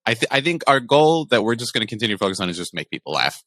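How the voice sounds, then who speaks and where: A man's voice: lowish voice, very animated, racing, fairly bright tone, dry recording, studio quality. A man guesting on a podcast as a comedy streamer, chatting casually and rambling with lots of fillers over a remote call mic. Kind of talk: casual chat.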